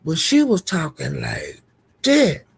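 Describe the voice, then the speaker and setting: A woman's voice: on the low side, big pitch swings, slow, creaky, breathy edge. A woman vlogger giving casual gossip commentary to her viewers, blunt, profane and indignant.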